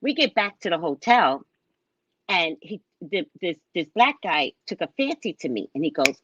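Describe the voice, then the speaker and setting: A woman hosting her show, casually telling a funny travel story, animated and acting out what people said, often asking "right?". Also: lowish voice, fast, husky, dry recording, dull audio. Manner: animated, acts out other people's lines; frequent tag question "right?". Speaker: show host and psychic reader.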